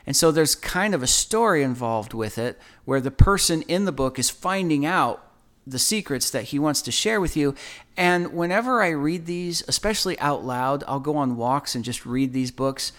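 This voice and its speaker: A man's voice: on the high side, lively intonation, normal speed, fairly bright tone. A man co-hosting a podcast, talking casually and rambling through many restarts and fillers. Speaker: podcast co-host.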